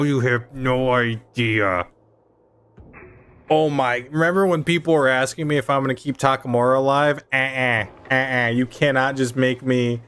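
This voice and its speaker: A young man streaming a video game live, ranting in an excitable, profane, exasperated way. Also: medium pitch, clean tone. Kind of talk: live gameplay commentary.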